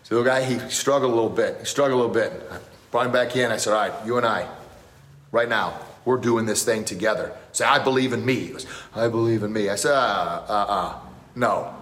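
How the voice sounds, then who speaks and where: Animated martial arts instructor, man. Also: on the low side, brisk. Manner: animated storytelling, gets loud and excited acting out scenes; reads viewer comments live. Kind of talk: motivational live-stream talk.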